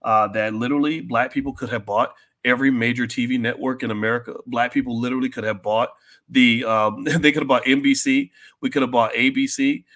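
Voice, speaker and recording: A man hosting a commentary show, talking bluntly and directly to his audience, with many restarts and loud, high-pitched outbursts when worked up. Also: steady tone, brisk. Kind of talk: opinionated commentary to an online audience.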